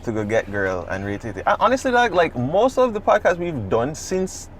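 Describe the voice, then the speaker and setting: A man, co-hosting a podcast in casual chat, talking in an animated, profane, rambling way. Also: a little high, moderate pace, a little hiss or hum. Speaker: podcast co-host.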